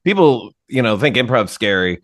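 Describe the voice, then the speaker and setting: A man, a podcast guest, explaining things in a relaxed, matter-of-fact way during casual conversation. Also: medium pitch, moderate pace, no echo, clean studio sound. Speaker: podcast guest, writer and improv teacher.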